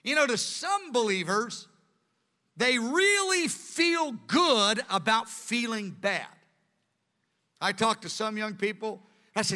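A man preaching a sermon with earnest, animated delivery, in a large hall. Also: extremely high pitch, takes it slowly. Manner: earnest, acts out quoted voices. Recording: long hall reverb.

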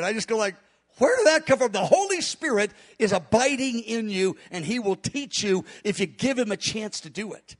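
A man with a very high voice delivers a sermon-style teaching on prayer. He is a fast, hard talker who presses his points with emphasis. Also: a bit bright.

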